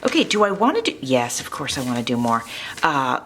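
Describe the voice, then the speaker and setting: A woman's voice: a bass voice, huge pitch swings, brisk, noisy background. A woman hosting a crafting channel, chatting casually and thinking aloud to her viewers as she works in her home art studio. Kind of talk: casual crafting tutorial chat.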